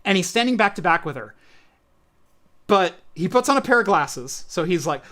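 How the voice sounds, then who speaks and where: A man's voice: sits high, animated, moderate pace, bright, forceful tone. A man co-hosting a podcast in casual chat, telling a long story in a rambling way and acting out the quoted voices. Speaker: podcast co-host.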